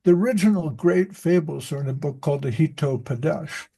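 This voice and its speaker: Teacher guy telling fables in a group chat, rambly, slightly high but dark mellow tone. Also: brisk, slightly rough. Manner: rambling, self-interrupting storyteller. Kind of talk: casual group discussion.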